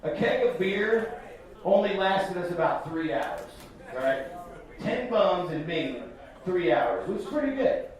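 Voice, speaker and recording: A man's voice: high voice, very animated, a little slow. A young man in his twenties doing a stand-up comedy set, telling a story in a loose, profane way with asides to the crowd. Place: comedy club stage. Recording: echoey club room from far off with crowd. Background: audience laughter.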